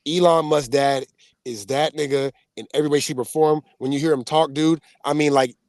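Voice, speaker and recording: Man, casual podcast chat, fairly high voice, dry close sound, animated storytelling, quick laughs. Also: no echo. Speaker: podcast co-host.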